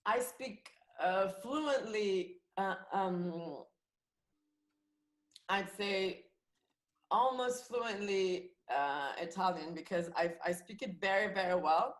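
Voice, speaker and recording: A woman's voice: medium pitch, takes it slowly. Chatty woman comedian in a roomy space. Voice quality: chatty, laughs often, speaks freely with many restarts. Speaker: comedian and actress, podcast guest. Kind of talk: casual chat. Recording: roomy echoey sound.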